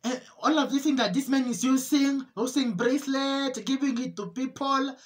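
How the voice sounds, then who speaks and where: A woman giving an emotional religious testimony, earnest and repetitive, often halting to restate her words. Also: high voice, fairly even intonation. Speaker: testimony preacher.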